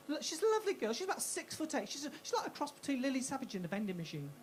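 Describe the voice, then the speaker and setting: A woman performing stand-up in a comedy club, her voice a touch higher than most women's. She fires off punchy lines, stumbles and restarts, and drops quick asides, speaking into a handheld stage mic. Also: big pitch swings, very noisy. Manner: punchy, self-interrupting delivery with quick asides. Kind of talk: stand-up routine.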